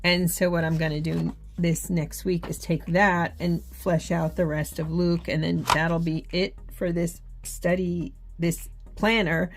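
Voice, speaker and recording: A woman hosting a faith journaling channel, talking casually and earnestly to viewers while she writes, with soft laughs and fillers. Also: on the low side, little pitch movement, a little slow, few pauses.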